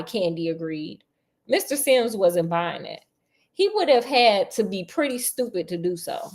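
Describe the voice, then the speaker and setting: A woman reading a novel aloud as a storyteller, breaking off for sassy, animated asides. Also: fairly low pitch, unhurried.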